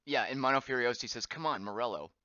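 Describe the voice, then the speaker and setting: A man streaming a game live, chatting as he plays, reading viewer comments aloud and thinking out loud, his voice getting hoarse. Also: medium pitch, fast talker, dry recording, muffled recording. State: voice going hoarse.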